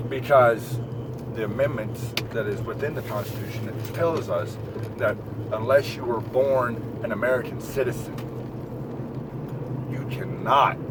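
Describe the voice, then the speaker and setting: A man delivering a profane political rant, lecturing the listener directly and swearing freely. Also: mid-range voice. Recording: outdoor traffic noise behind voice.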